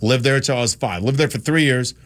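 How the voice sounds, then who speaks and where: A man's voice: mid-range voice, brisk, a bit bright. A man in his fifties from North Carolina chats casually about his past. He tells the story loosely, correcting himself and circling back to repeat his points for emphasis. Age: 50s. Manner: rambling, self-correcting asides.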